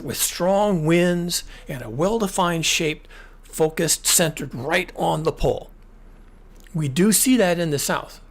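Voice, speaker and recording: A man's voice: a little high, creaky, husky. A middle-aged man from the United States hosting his own commentary, talking emphatically and repeating himself with frequent restarts. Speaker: climate commentary channel host. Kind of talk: solo screen-share commentary.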